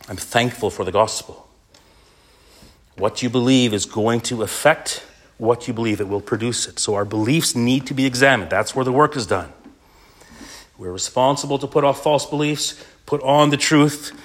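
An earnest male preacher delivering a sermon at a medium pitch. He presses his points with emphasis and often drops to a quieter voice when he speaks a listener's inner thoughts.

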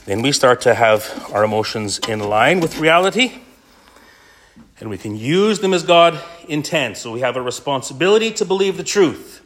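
An earnest male preacher delivering a sermon at a medium pitch. He presses his points with emphasis and often drops to a quieter voice when he speaks a listener's inner thoughts. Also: expressive, moderate pace.

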